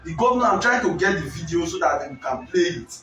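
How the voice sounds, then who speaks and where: A man's voice: on the high side, expressive, fast talker. Emphatic man in an echoey room. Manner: emphatic, often shouting, stretching words for stress. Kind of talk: political discussion. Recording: echoey room, voice from far off, faint music.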